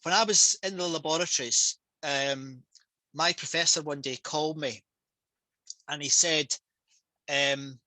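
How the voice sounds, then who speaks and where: A Scottish man talks with lively passion over a video call headset, his voice bright and a little high for a man. The sound is dry and close, with no room around it. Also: a little slow, long pauses, no echo, rough recording. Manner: passionate, energetic storytelling. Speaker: public speaker and trainer. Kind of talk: casual talk on a video call.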